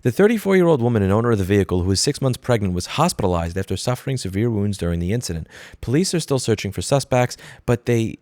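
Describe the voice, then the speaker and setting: Low-voiced man ranting with profane sarcasm. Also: very animated, fast, darkish tone, no room sound, studio quality. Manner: mocking, switching into put-on corporate voices. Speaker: commentary host. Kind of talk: angry commentary rant. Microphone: studio microphone.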